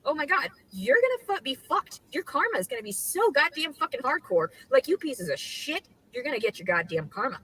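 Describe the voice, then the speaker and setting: Furious swearing woman, high fast voice. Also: sing-song, a bit bright, slight background noise, poor audio. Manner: profane, furious ranting. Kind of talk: angry ranting video clip. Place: outdoors outside a store.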